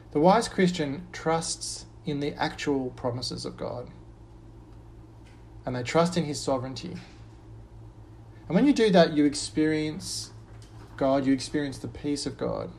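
A man preaching an earnest sermon, lifting his voice on quoted verses and dropping low and soft on a repeated refrain. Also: vocal fry, slight background noise.

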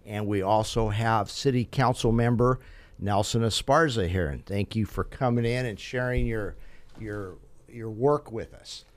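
A man's voice: fairly low pitch, unhurried. Chatty radio talk show host, man. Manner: friendly, chatty host with jokes and interjections. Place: radio studio.

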